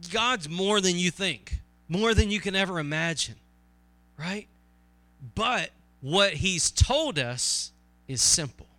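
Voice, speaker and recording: A man preaching a sermon in an earnest, conversational way, asking his listeners questions and reading scripture slowly and with emphasis. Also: sits high, lively intonation, pushed and bright, dry recording.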